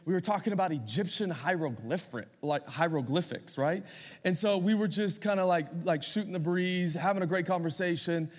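Pastor, male, 30s, high-voiced, chatty sermon delivery with call-and-response, recorded in a reverberant hall. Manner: conversational preaching with audience call-outs.

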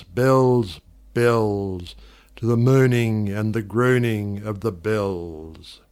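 Slow, theatrical man reciting poetry. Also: on the low side, a little mellow, clean tone. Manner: slow, theatrical, swelling on repeated words. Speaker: poetry reader.

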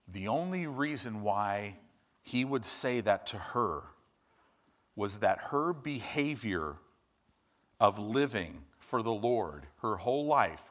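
A man preaching a sermon in an animated, exclamatory way with quick asides. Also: lowish voice.

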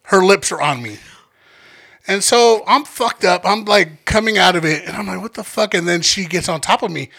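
A young man in his twenties casually telling a story, animated, acting out quoted lines and swearing a lot. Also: high voice, normal speed, vocal fry.

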